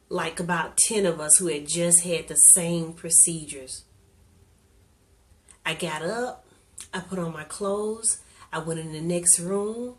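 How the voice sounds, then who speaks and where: Earnest woman telling a personal story. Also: lowish voice. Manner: earnest and openly emotional, with a casual conversational tone. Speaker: speaker sharing a personal testimony. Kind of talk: candid personal storytelling on a live stream.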